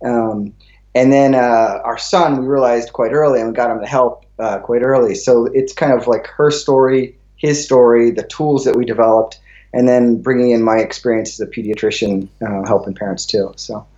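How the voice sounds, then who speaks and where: A man from America, a pediatrician, speaking as a guest over a video call in a relaxed, hesitant way. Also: mid-range voice, moderate pace. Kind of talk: casual interview on a video call. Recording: echoey, dull video-call audio.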